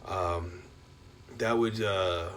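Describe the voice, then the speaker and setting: A man talking in a rambling, profane monologue rant. He is full of filler words and swings between loud outbursts and low mutters. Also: steady tone, very slow, slight background noise. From Canada.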